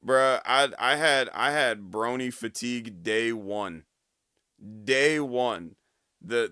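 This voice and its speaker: Hoarse, smooth-voiced man ranting. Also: medium pitch, sharp tone, dry recording, clean studio sound. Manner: profane, laughing, ranting. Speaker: streamer reacting to a video. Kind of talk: casual livestream reaction commentary.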